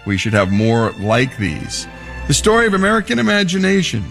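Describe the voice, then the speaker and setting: A man's voice: medium pitch, very animated, moderate pace, gravelly, fairly bright tone, faint music behind. A male radio host wrapping up a story segment with enthusiastic, emphatic praise. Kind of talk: radio show host wrap-up and appeal.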